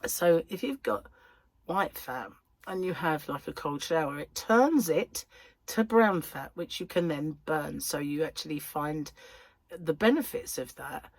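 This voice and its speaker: A woman's voice: sits low, expressive, measured pace, breathy edge, no echo. A middle-aged woman, chatting casually and rambling as a crochet vlogger, full of giggly asides. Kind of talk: casual chat.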